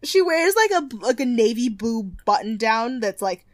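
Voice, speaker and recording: A woman's voice: a little high, big pitch swings, moderate pace, dry recording. Young woman podcast co-host, chatty and filler-heavy, dry close sound. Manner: chatty, lots of "like", laughs often. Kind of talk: casual chat recapping a TV show.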